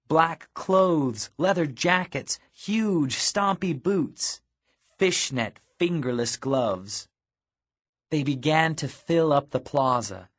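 A man narrating a first-person audiobook in a lively reading voice, raising his voice for shouted cries in the story. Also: fairly high pitch.

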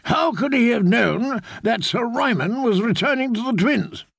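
A man's voice: very high voice, animated, measured pace, creaky, fairly bright tone, breathy edge, no echo, clean studio sound, pitched above the performer's own voice, exaggerated voice. A man voicing a cold, courteous knight in an audiobook.

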